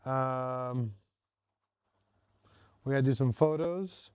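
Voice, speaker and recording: A man's voice: mid-range voice, slow, darkish tone, clean tone, no room sound, studio quality. A man hosting a casual workshop vlog from his home garage shop, talking viewers through each step as he works. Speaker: host.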